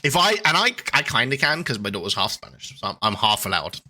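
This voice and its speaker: A man in his thirties co-hosting a podcast in casual chat, laughing often and talking excitably. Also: mid-range voice, a little fast. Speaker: podcast co-host.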